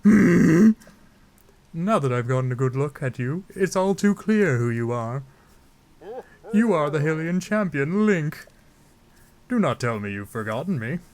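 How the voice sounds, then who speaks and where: A man's voice: a little high, very animated, measured pace, long pauses, a little mellow, pitched above the performer's own voice. A man voicing an old, courteous fish-king who speaks in formal, stately phrasing, with his voice a little raised. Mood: regal.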